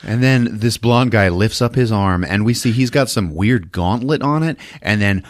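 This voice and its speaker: A man hosting a podcast, giving an animated comedic movie recap, laughing often and acting out scenes with sound effects. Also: fairly low pitch, moderate pace, no room sound, clean studio sound. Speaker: podcast host.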